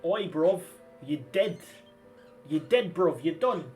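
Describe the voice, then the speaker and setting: A man's voice: on the high side, expressive, takes it slowly, darkish tone. A man putting on a mouthy street lad. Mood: taunting. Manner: jeering, clipped slang taunts. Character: cocky young male street lad, mouthy. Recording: slightly distant mic with game music.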